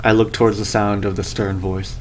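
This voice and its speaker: A man's voice: on the low side, little pitch movement, brisk. A man playing a tabletop game, stating his character's actions with stammers and repeats. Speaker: player.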